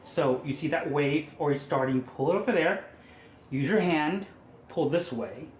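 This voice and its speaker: A hairstylist with a slightly high voice walks viewers through a hair styling tutorial at a normal speed, step by step, chatty and coaxing, with self-mocking asides. There's a little hiss or hum, and the room is echoey with faint ambience.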